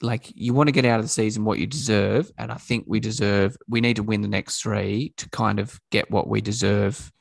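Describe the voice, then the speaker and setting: A man's voice: on the low side, steady tone, normal speed, vocal fry, few pauses, dry recording. A man co-hosting a podcast, chatting loosely about footy and slipping into mimicry when retelling what others said. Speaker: podcast co-host. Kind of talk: casual sports chat.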